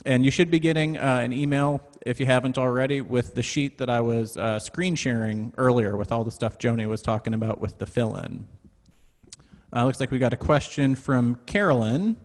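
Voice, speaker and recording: A man's voice: mid-range voice, moderate pace, a little mellow, big-room sound. A man hosting an online music class, chatting through upcoming announcements in an upbeat, casual way with frequent fillers, over a video call. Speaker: music center staff host.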